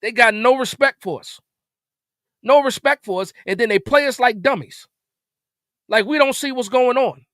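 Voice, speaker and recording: A man's voice: very high-pitched, normal speed, long pauses, fairly bright tone, no echo, studio quality. A man hosting a live post-game reaction stream, upset and stammering with repeated words as he vents. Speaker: sports stream host.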